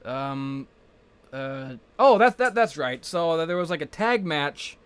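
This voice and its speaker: A man giving a casual, rambling wrestling recap, profane and excitable. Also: fairly high pitch, slow pace, clear, resonant tone, dry recording. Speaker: wrestling vlogger.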